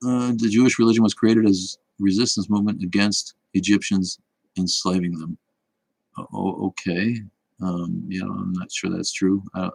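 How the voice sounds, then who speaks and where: A man's voice: low-pitched, gravelly, husky, no echo. A man hosting a casual livestream chat, answering comments in a rambling, blunt and profane way. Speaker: show host.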